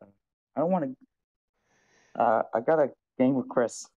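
A man calling in to a livestream from his phone, speaking in a halting, unsure way. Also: medium pitch, dry recording, phone-quality sound. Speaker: caller. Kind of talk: phoning in to a livestream.

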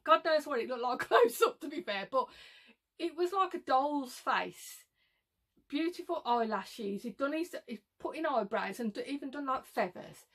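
A woman with a broad Brummie accent chats straight to her viewers, her voice sitting high and bright. She rambles from one aside to the next, gossipy and unpolished, and laughs easily as she goes. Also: expressive, normal speed. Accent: Birmingham (Brummie). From Birmingham, England. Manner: rambling, gossipy, laughs often, many "like, you know" asides. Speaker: reseller vlogger. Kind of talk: casual chatty monologue.

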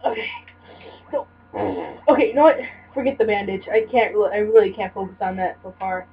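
Playing a video game for a let's play, a young woman chatters in a mid-range voice at a fairly quick clip. Her talk meanders, full of filler words and false starts. Audio quality is muffled and low-fidelity, carrying a slight hiss.

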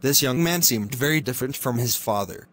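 A man narrating a classic fairy tale in a steady, clear reading voice. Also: medium pitch, fairly quick. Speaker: storyteller.

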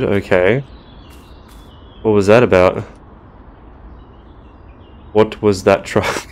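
A man's voice: low-pitched, clear, resonant tone. A man commentating a game he is playing, sarcastic and baffled, often laughing. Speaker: gaming YouTuber. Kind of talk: let's play commentary.

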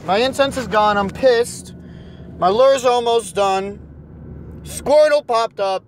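A young man talking to himself while he plays a phone game, frustrated and swearing, a little hoarse from losing his voice. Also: very high voice, slow pace, a little hiss or hum. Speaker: vlogger playing a mobile game. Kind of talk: casual vlog commentary.

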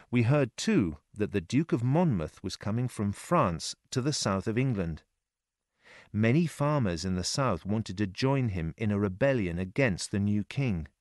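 A man reading a first-person novel aloud as an audiobook for English learners, in a steady storytelling voice. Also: lowish voice, dry recording, clean studio sound. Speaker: narrator.

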